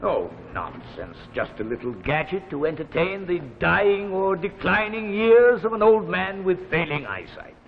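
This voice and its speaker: An actor playing a genial, chuckling retired old professor with failing eyesight, in a live 1950s TV drama. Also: male voice, high-pitched, sing-song, unhurried, hardly any pauses, a little hiss or hum, full character voice. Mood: genial musing. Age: older. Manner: chuckling, theatrical, musing. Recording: dull 1950s TV audio in a reverberant set.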